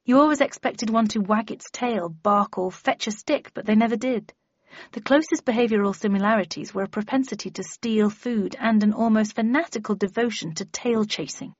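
A woman's voice: mid-range voice, normal speed, no echo. A woman narrating a first-person audiobook in a dry, wry storytelling manner. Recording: dry, slightly dull audio.

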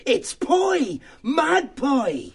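An actor playing an excitable, forgetful male church mouse in a full-cast audiobook. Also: very high voice, very slow, vocal fry, full character voice. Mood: excited. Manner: excited exclamations.

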